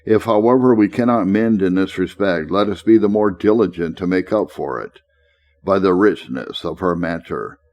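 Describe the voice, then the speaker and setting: A man giving a measured scripted reading of a classic lecture on preaching, slowing deliberately to stress key phrases. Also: sits low, darkish tone.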